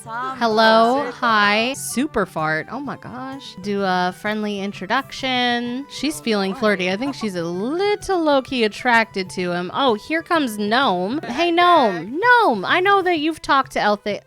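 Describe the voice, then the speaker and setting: A woman's voice: a little high, lively intonation, a little slow, a bit bright, faint music behind. Chatty woman narrating her gameplay. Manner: chatty, laughing, voicing her characters. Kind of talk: casual let's-play commentary.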